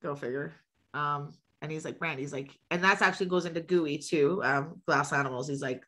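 A woman's voice: low-pitched, fairly quick, fairly bright tone. A woman who books music acts, chatting casually as a podcast guest, blunt and swearing freely. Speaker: guest, music promoter and booking agent.

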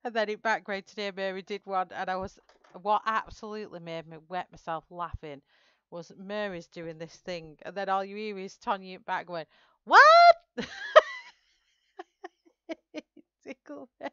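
Colouring live on stream, this woman giggles and welcomes viewers by name while she chats. She speaks at a normal speed with a medium pitch and a fairly bright, smooth tone. The recording is dull but has no echo.

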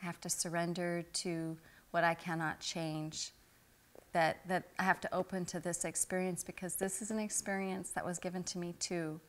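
A middle-aged woman, an interview guest, telling a personal story in an earnest, spiritual way that grows animated in the anecdotes. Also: on the low side, moderate pace.

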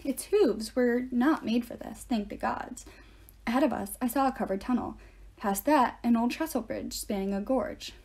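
Woman narrator with a slightly high voice, reading aloud at an even storytelling pace. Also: normal speed. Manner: steady first-person storytelling. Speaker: audiobook reader.

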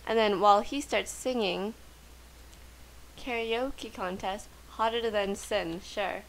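A woman giving chatty, excitable commentary while playing a life-simulation game. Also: mid-range voice, slow pace, slight background noise, low-quality recording. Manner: chatty, excitable, gasps and laughs often. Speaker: let's play gamer. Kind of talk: casual gameplay commentary.

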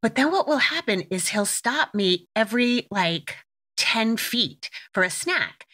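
A middle-aged woman hosting a podcast, telling a story in an animated, casual way with laughs and the odd swear word. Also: medium pitch. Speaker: podcast host. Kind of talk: casual chat.

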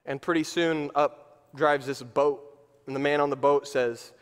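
A man pastor delivering a sermon, emphatic and fond of repeating phrases. His voice sits high. A long church reverb trails after him. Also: steady tone, fairly quick. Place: church sanctuary.

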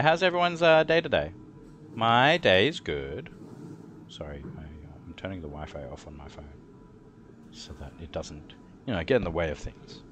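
A man's voice: sits low, slight background noise. A young man streaming a racing game, rambling casually and chatting in a laid-back way. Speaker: gaming streamer. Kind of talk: casual live-stream commentary.

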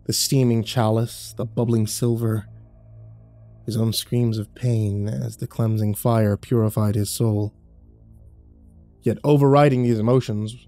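A man narrating a scripted horror story in a measured, dramatic way. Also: fairly low pitch, dark tone.

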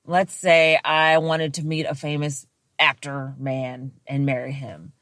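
A woman's voice: deep voice, little pitch movement, takes it slowly, fairly bright tone, no room sound, clean studio sound. Blunt, profane woman podcast co-host. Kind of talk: casual chat.

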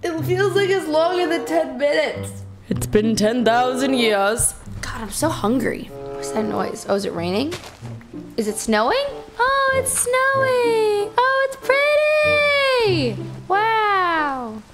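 Young woman gamer streaming, high voice, all over the place, gasps and swears a lot, music going in the background. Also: measured pace. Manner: excitable, gasping and swearing at the game. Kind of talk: casual gaming stream chatter. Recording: music playing behind her.

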